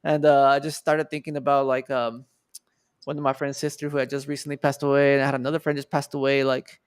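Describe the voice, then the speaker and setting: The speaker is a man in his twenties from Texas, USA, appearing as a guest artist. His medium-pitched voice is clear and resonant, fast, with little pitch movement, on a dry, studio-quality recording, and his personal story comes out loose and profane, heavy on fillers.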